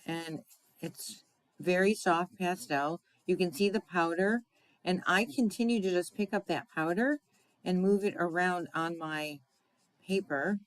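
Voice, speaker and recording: A woman's voice: lowish voice, unhurried, no echo, rough recording. A woman hosting a card-making tutorial in a chatty way, often checking in with "right?" and laughing at her own slips. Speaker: crafting demonstrator.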